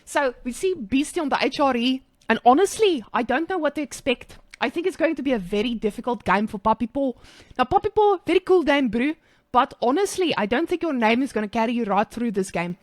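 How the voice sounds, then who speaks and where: A woman's voice: sits high, animated, brisk, dry recording. A woman putting on a South African guy's accent while playfully casting a live strategy game, with jokey, mock-hyped cheering. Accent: put-on South African. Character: brash South African guy game caster. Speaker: esports caster.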